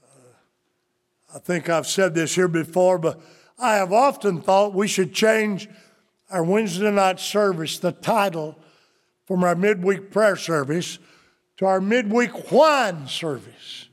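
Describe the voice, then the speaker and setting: A man preaching a sermon as pastor, folksy and joking, with rising, drawn-out emphasis. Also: sits high.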